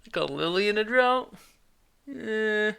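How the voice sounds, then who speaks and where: A woman's voice: mid-range voice, expressive, slow pace, creaky, fairly bright tone, clean tone. A woman streaming her writing session, thinking aloud, reading her draft lines back and humming placeholders as she edits. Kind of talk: casual livestream talk while writing.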